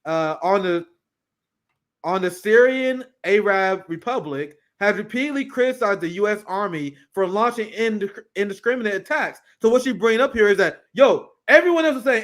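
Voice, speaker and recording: A man's voice: high-pitched, normal speed. A man hosting casual political commentary, swearing often, laughing, and reading clips aloud as he reacts. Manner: profane, animated, laughs often.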